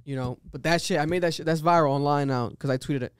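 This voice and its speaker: A man's voice: a little high, fast, clear, resonant tone, no echo, studio quality. A young man hosting a podcast in casual chat, telling stories animatedly with slang and swearing. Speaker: podcast host.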